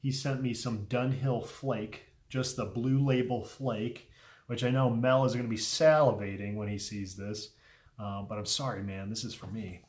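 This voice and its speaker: A man hosting a casual unboxing vlog, speaking earnestly and heartfelt, a little emotional, often trailing off softly with ums between thoughts. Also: medium pitch, fairly even intonation, moderate pace. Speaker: pipe tobacco video host.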